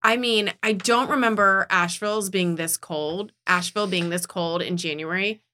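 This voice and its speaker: A woman co-hosting a casual podcast, quick to agree, joke along and finish her partner's lines. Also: lowish voice, sharp tone. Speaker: podcast co-host. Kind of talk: casual chat.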